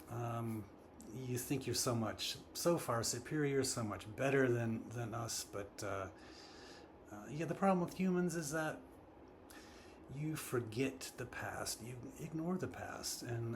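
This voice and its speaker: A scolding monkey high in the trees, told by a man in a mid-pitched voice. He mocks and lectures with rhetorical questions, pausing on ums. Faint room hum sits underneath. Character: mocking, preachy male monkey in the treetops.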